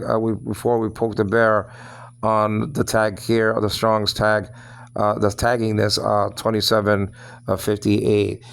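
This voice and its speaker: A man teaching Greek grammar in a casual, halting way, often checking that his listener understands. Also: lowish voice, vocal fry. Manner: repeats "you understand what I'm saying?"; halting, many fillers and restarts. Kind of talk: informal lesson.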